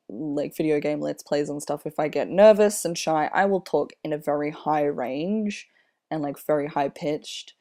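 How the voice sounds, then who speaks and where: A young man in his twenties with a slightly airy voice, talking casually in a personal vlog, unhurried and rambling with many fillers. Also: a little high, darkish tone. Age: 20s. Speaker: vlogger.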